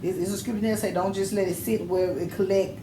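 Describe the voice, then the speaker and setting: A woman's voice: mid-range voice, steady tone, fast, dark tone. A woman in a casual faith talk who chimes in and quotes scripture. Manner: chiming in, quoting scripture. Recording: echoey room with faint noise.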